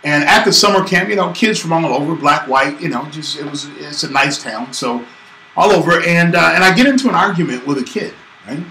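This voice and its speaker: A man's voice: a little high, fairly quick, slight background noise. A man from Georgia in the United States, talking casually to teach business skills and acting out voices as he tells a story. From Georgia, USA. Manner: animated, acts out voices in stories. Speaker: business coach host. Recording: echoey room with faint ambience.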